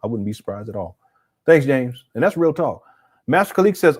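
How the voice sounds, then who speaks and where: A man's voice: mid-range voice, animated, brisk, husky. Man host, casual live stream commentary, mid-range voice, loose and unscripted, frequent restarts. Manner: talks off the cuff, stammers and repeats words; reads viewer comments aloud and reacts. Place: home setup.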